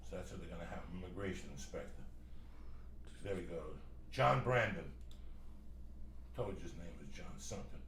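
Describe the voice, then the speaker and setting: A man's voice: low voice, fairly bright tone, slight background noise. A middle-aged man hosting a casual podcast while stoned, rambling through profane, loose stories. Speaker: podcast host.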